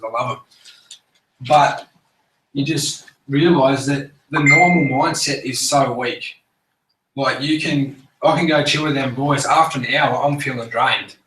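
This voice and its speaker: An Australian man gives a casual motivational talk to a business group meeting, blunt and swearing heavily while acting out other people's voices. His mid-range voice is fairly bright and moves at a measured pace. The room echoes, the mic sits at a distance, and there's faint noise.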